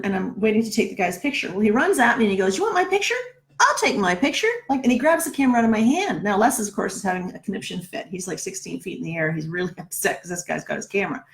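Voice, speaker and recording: Speaking fast and with animation in a mid-range voice, a middle-aged woman who works as a numerologist shares a personal story. She's chatty and casual, and keeps asking "right?".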